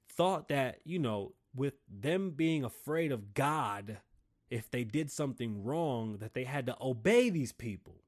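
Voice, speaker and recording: A man hosting his own show, ranting casually in an animated, profane, rambling way. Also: medium pitch. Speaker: show host.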